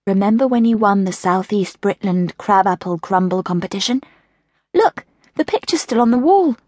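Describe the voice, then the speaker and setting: A woman voicing an eager young girl who speaks high and excitedly. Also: normal speed, no room sound, clean studio sound, lightly acted.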